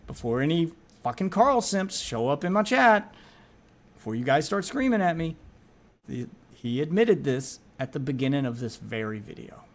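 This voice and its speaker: A high-pitched man talks over a clip as a streamer, casual and exasperated. He stumbles and repeats words when he gets worked up. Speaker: streamer reacting to a video. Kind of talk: casual reaction commentary.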